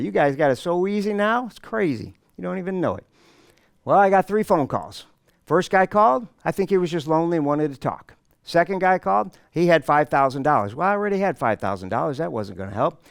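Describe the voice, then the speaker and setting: Lively high-voiced man telling a story. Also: gravelly, clear, resonant tone, no room sound, studio quality. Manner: animated, self-mocking, acts out dialogue. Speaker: motivational speaker. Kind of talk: storytelling presentation to an audience.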